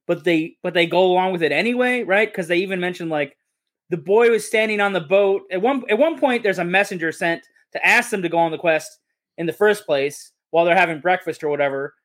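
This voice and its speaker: A podcast co-host with a high, slightly bright voice talks fairly quickly about a film in a casual movie discussion. He rambles enthusiastically and often corrects himself.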